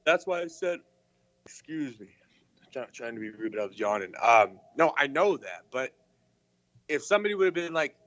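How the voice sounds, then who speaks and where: A male caller who rambles defensively and swears heavily. He has a middle-pitched voice. The call audio is dull and dry. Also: lively intonation, brisk, fairly bright tone, dry recording. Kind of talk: casual call-in chat.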